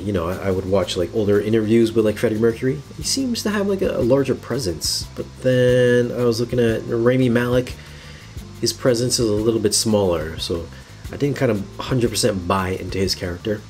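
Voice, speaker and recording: A man's voice: lowish voice, fairly quick, darkish tone, soft background music. A man reviewing movies on a live stream, talking casually and giving blunt opinions with frequent restarts. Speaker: film and home theater reviewer.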